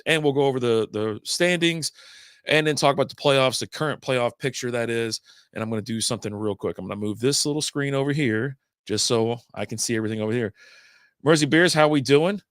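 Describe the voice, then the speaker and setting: A man's voice: medium pitch, a bit bright, dry recording, studio quality. A middle-aged man hosting a beer podcast live stream, chatting in a rambling, laid-back way and often correcting himself. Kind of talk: casual live-stream chat.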